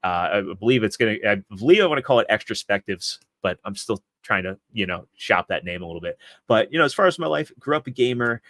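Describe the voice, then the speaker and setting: A man in his thirties, a guest on a casual podcast, telling stories about his life in a rambling way and often restarting his sentences. His voice is fairly low, and the sound is dry and close. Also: expressive, fast talker, a bit bright, dry recording. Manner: rambling storyteller with frequent restarts. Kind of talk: casual interview chat.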